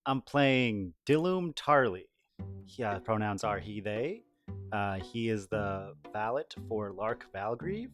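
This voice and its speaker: A man's voice: on the low side, big pitch swings, slow pace, a bit bright, soft background music. A man playing in a tabletop game, casually describing his character in a rambling way full of fillers. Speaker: player. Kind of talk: casual chat.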